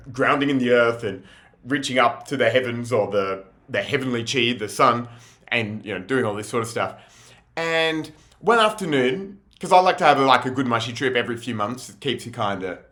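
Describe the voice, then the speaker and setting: A young man rambles through casual stories, laughing often and using plenty of slang. His voice is bright, at a middle pitch. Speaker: vlogger. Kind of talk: casual storytelling monologue.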